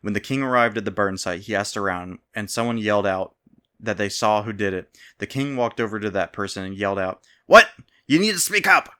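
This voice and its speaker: Male storybook narrator, low-pitched, forceful and steady. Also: brisk, smooth.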